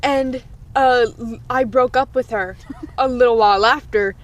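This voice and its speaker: Young woman podcast co-host, high-pitched, candid and profane, casual chat. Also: unhurried. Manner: candid, swears freely.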